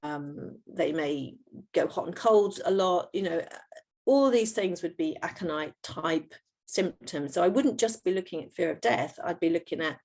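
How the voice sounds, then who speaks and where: A middle-aged woman talks through her work as a homeopath. Her voice sits fairly low and carries a gravelly edge. She explains patiently, pausing on "um" and "you know" and restarting phrases as she goes. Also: darkish tone. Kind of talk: explaining in a podcast interview.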